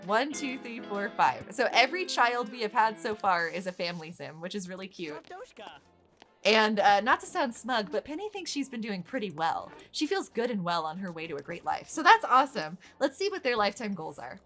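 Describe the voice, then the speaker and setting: A woman's voice: mid-range voice, very animated, normal speed, fairly bright tone, faint music behind. A woman hosting casual gameplay commentary, exasperated, swearing freely and laughing often. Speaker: gaming channel host.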